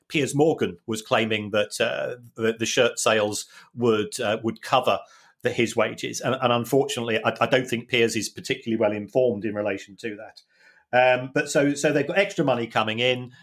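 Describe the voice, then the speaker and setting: A man in casual podcast chat, explaining football finances at a measured pace. His voice sits in an ordinary middle register, and he often repeats words as he gathers his thoughts. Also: medium pitch, a bit bright. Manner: measured, explanatory, with frequent restarts. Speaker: football finance expert co-host.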